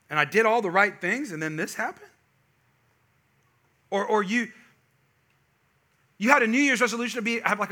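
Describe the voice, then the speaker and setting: A middle-aged man preaches in a church with a high, very bright voice. He tells stories in an animated way and pushes up to loud, emphatic peaks. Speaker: pastor. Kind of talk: sermon with personal story.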